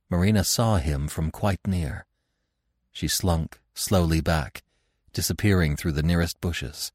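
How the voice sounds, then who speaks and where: A man narrating a classic novel in an expressive, dramatic storytelling manner. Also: very deep voice, no room sound, clean studio sound.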